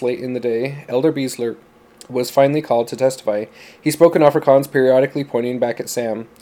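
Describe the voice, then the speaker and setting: A man narrating a story in a steady, plain storytelling manner. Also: mid-range voice. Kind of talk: audiobook narration.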